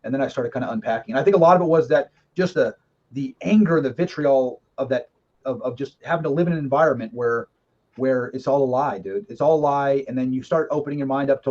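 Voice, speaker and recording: A middle-aged man speaks as a guest in a casual conversation, recounting his story candidly and with emphasis, swearing now and then. His voice is medium in pitch and darkish, and he talks quickly. The recording is dull and lo-fi.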